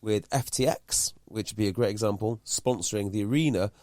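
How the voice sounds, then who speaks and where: A man's voice: lowish voice, brisk, dark tone, no room sound, studio quality. A man, a podcast host talking casually and explaining a point at length. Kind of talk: casual chat.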